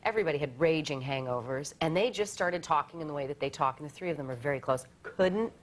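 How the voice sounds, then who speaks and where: A woman appearing as a guest on a late-night talk show, telling animated stories and acting out the voices of people she quotes. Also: sits low, fast. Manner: animated storyteller, acts out voices. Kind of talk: chatty anecdote telling. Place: television studio.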